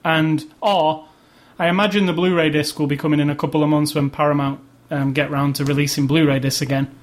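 A man's voice: a little high, level tone, a little fast. A man co-hosting a casual movie podcast, enthusiastic and rambling, often restarting his sentences. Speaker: podcast co-host. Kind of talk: casual chat about movies.

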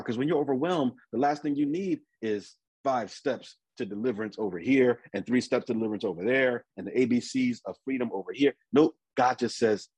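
A man preaching a conversational sermon, often repeating and restarting his words and reading scripture slowly. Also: medium pitch, darkish tone, breathy edge, no room sound, low-quality recording.

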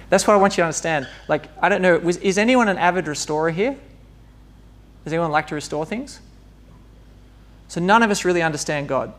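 A male preacher, speaking in a loose, chatty sermon style. His voice sits a little high for a man and has a gravelly, creaky edge. He breaks into laughs and acts out small dialogues as he talks. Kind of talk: informal conversational sermon.

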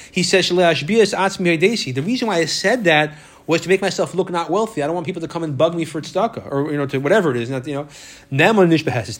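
Man, Talmud class lecture, fairly high voice, repeats himself as he explains. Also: fairly bright tone. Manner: explains step by step, repeats words, restarts often. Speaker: Torah teacher.

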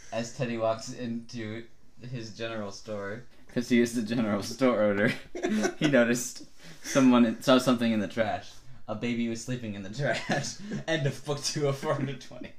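A man co-hosting a comedy podcast, reading absurd fan fiction aloud in a mostly flat voice and often breaking into laughter. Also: mid-range voice, a little hiss or hum.

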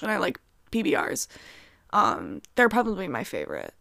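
A woman's voice: mid-range voice, wildly swooping pitch, normal speed, creaky, a bit bright, no room sound, studio quality. A young American woman hosting a casual solo podcast from home, ranting heatedly with heavy swearing and lots of fillers. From United States. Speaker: podcast host.

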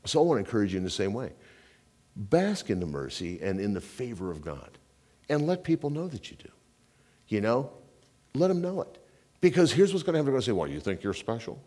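Animated conversational male pastor preaching. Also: fairly low pitch. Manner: conversational preaching, says "man" and "you know" often; animated, swinging between loud emphasis and quiet intensity. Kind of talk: sermon.

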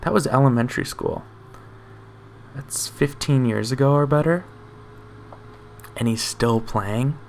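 A man's voice: medium pitch, a little slow, gravelly, pauses often, slight background noise. A young man hosting a sports show, chatting casually and rambling with self-deprecating asides. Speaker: sports podcast host.

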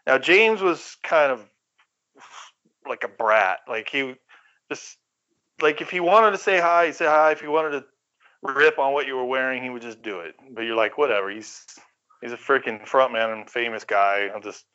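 A middle-aged man from the Bay Area, a guest telling stories casually, animated, swearing freely and acting out quoted voices. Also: mid-range voice, moderate pace. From San Francisco Bay Area. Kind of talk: casual storytelling. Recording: slightly dull lo-fi recording.

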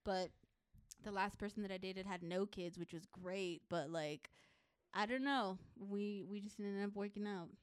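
A woman co-hosting a podcast in casual chat, blunt and profane, with quick reactions. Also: mid-range voice, clean tone, no room sound. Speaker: podcast co-host.

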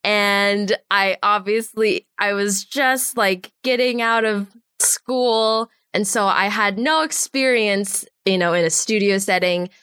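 Lively young woman telling stories, dry sound. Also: medium pitch, slow pace, few pauses, smooth, no echo. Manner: animated, acts out quoted voices. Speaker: storyboard artist guest. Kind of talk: casual interview storytelling.

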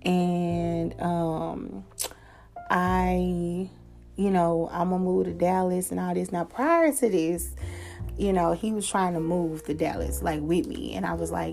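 A woman's voice: on the low side, normal speed, gravelly, darkish tone, soft background music. A young woman hosting her own show, telling a personal story in a candid, casual way with frequent swearing and fillers. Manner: candid, profane, conversational with fillers. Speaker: podcast host.

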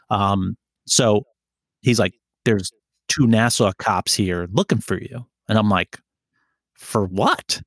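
A man's voice: on the low side, no echo, clean studio sound. Profane New man telling a story. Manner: profane, rambling, animated storytelling. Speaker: podcast co-host telling a story. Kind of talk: casual storytelling chat.

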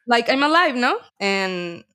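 Slow-speaking gentle woman co-host. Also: fairly high pitch, big pitch swings. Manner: gentle, reflective, laughs often. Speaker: podcast co-host. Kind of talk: casual chat.

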